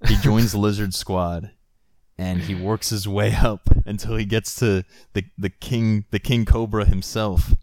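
A man's voice: on the low side, little pitch movement, measured pace, darkish tone, no room sound, studio quality. A young man co-hosting a podcast, rambling and joking, laughing and swearing freely in casual chat. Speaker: podcast co-host.

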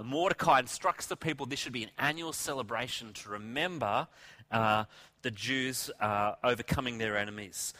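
A middle-aged man preaching, retelling a Bible story in a lively way and acting out the characters' lines. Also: medium pitch. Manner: animated, acts out characters' lines. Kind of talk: animated Bible storytelling sermon.

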